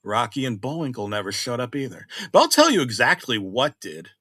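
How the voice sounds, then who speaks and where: Lively middle-aged male horror narrator. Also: medium pitch, brisk, no echo, clean studio sound. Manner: conversational, dramatic swings between loud and hushed.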